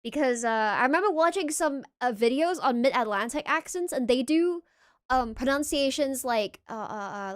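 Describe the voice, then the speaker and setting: A woman streamer chatting casually with a high, light voice. She talks in a playful way, repeats phrases aloud and laughs easily. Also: lively intonation, normal speed, no echo, clean studio sound. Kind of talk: casual reaction chat.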